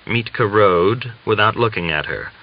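A man narrating a novel as an audiobook reader, measured and even. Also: fairly low pitch. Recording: dull lo-fi audiobook recording.

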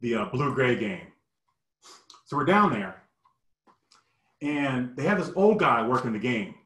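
Brief: man in his fifties, mid-pitched, lively personal storyteller, roomy echo. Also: unhurried. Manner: animated, acts out the people in his story. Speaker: guest storyteller.

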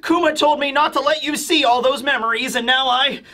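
A man's voice: very high voice, steady tone, a little fast, sharp tone, pitched above the performer's own voice. A man voicing a flustered, winded old male scientist in a fretful voice. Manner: fretful, breathless.

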